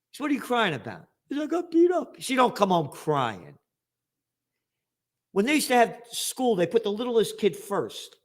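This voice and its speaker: A man in his seventies with a New York accent, giving a blunt, profane, combative commentary monologue as host. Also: high voice. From United States. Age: 70s.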